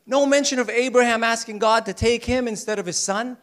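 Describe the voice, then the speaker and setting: A man preaching a sermon with animated delivery, sometimes acting out voices from the story. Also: very high voice, brisk, few pauses. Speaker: pastor.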